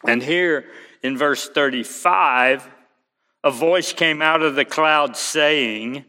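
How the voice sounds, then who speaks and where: A male pastor preaching a sermon, slow and emphatic, quoting scripture aloud. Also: medium pitch, sharp tone, long reverb tail.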